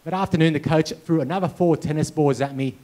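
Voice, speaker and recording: A man's voice: fairly high pitch, fast, mellow. A man giving a storytelling keynote speech, acting out dialogue and sound effects as he goes. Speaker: keynote speaker. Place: conference hall with audience.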